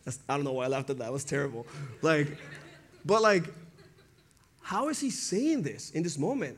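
A man's voice: fairly high pitch, expressive, unhurried, pauses often, fairly bright tone. A young man preaching a casual sermon, talking conversationally, acting out quotes and laughing often.

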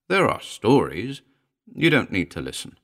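A man's voice: lowish voice, wildly swooping pitch, a little slow, a bit bright, pitched above the performer's own voice, heavily acted. A man voicing a nervous middle-aged housekeeper who speaks jerkily and reluctantly in a ghost story reading. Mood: fearful. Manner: jerky, uneasy, pleading.

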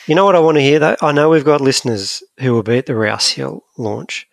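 A man's voice: medium pitch, animated, fairly quick, vocal fry, no room sound. A Scottish man co-hosting a podcast, chatting casually in a rambling, joking and self-deprecating way. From Scotland. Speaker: podcast co-host. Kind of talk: casual chat.

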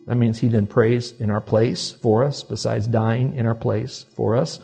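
Male pastor, husky tone, dynamic pulpit delivery swinging soft to loud, church sermon. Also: mid-range voice, measured pace, few pauses, soft background music. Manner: animated preaching with wide swings from quiet to loud.

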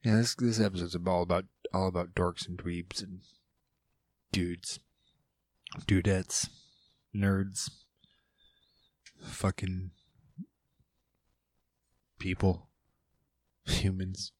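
A man's voice: sits low, flat delivery, drawn-out words, pauses often, darkish tone, dry recording, studio quality. A man hosting his own podcast, rambling loosely and swearing casually, with playful asides. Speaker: podcast host. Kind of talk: casual solo podcast chat.

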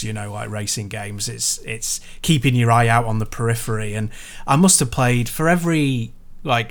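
A man's voice: fairly low pitch, creaky. A man co-hosting a casual podcast chat, agreeable and reflective, often saying "you know". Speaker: podcast co-host.

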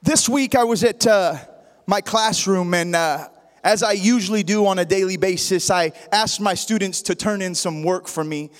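A man's voice: high-pitched, normal speed, big-room sound. A man preaching a sermon, praying and telling a story, rising at times into a sing-song preaching cadence. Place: church sanctuary.

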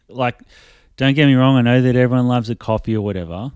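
Smooth-voiced man in casual podcast chat. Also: medium pitch, fast talker, few pauses, a little mellow, dry recording, clean studio sound. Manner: swears freely, drifts into mock voices when quoting people. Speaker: podcast co-host.

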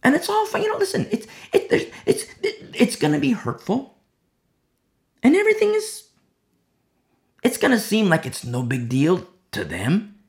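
Gravelly man preaching a sermon casually. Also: very high voice, sing-song, normal speed, long pauses. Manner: conversational preaching, drops to a hushed voice in prayer; many fillers, acts out quoted people. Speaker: pastor.

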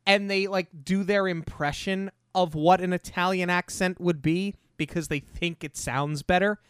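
A chatty, opinionated co-host rambles through a film review. The voice swoops around with very lively pitch. It is recorded close and dry, with no room sound. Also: no room sound. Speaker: podcast co-host. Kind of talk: casual film-review chat.

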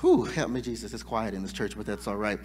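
A man's voice: fairly low pitch, animated, fast, darkish tone. A man preaching a sermon in a church, fervent and building in intensity with call-and-response. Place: church sanctuary. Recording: long church reverb.

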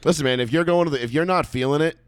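A man's voice: fairly high pitch, racing, clean tone, dry recording. A married man co-hosting a casual talk show, complaining about prices in a wry, sarcastic way. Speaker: podcast co-host.

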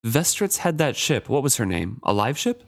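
A man reading aloud and voicing a gruff, angry male ship captain, snapping and contemptuous, in a dry room. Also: medium pitch, very animated, normal speed, no echo. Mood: stern.

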